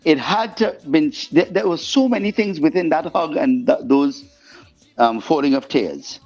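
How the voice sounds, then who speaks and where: Gravelly-voiced man telling stories. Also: fairly high pitch, unhurried. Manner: animated storyteller, acts out quoted voices. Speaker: guest singer. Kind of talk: storytelling interview chat. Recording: muffled podcast audio with faint music.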